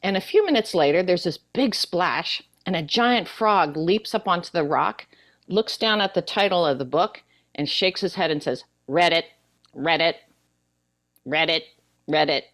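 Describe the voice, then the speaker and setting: An older woman, an actress guest in a casual interview, chatting and telling a long joke in an animated way. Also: lowish voice, normal speed.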